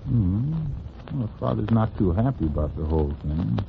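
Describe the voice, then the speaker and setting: An actor playing an eager, scheming newspaper reporter who talks in quick, insistent slang, in a 1940s radio drama. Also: male voice, on the low side, expressive, vocal fry, noisy background. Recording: tinny old radio broadcast.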